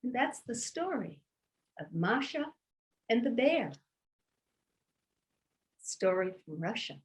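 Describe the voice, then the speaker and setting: High-voiced woman telling a children's story. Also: takes it slowly. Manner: animated, sing-song, addresses listeners.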